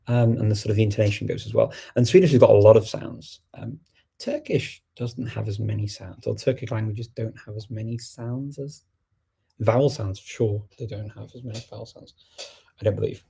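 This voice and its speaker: A man's voice: lowish voice, moderate pace, vocal fry, mellow, slightly rough. A man hosting a language-learning live stream, answering viewer questions in a chatty way with frequent ums and chuckles.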